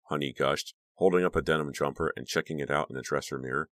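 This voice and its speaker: Very deep-voiced man reading an audiobook. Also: quick pace, hardly any pauses, fairly bright tone, no room sound, studio quality. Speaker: audiobook narrator. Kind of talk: scripted narration.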